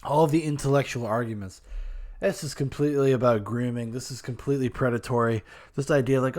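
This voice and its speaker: Indignant, profane podcast host. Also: male voice, medium pitch, a little fast. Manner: blunt, indignant, profane, mocking voices. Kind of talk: casual commentary.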